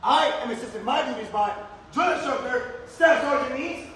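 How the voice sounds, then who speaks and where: A man working as a drill instructor, barking clipped, shouted commands at recruits. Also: very high-pitched, moderate pace. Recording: echoey, distant, crowd noise.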